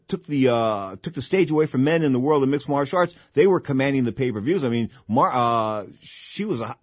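A man's voice: mid-range voice, breathy edge, dry recording, clean studio sound. A man hosting a boxing talk show, rambling on with fillers like "bottom line" and "of course". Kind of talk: radio talk show chat.

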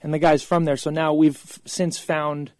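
A man in his thirties, a guest actor chatting casually in an interview, telling animated stories and laughing often. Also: fairly high pitch, moderate pace, dry recording, faint music behind. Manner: animated storyteller, laughs often, acts out quotes.

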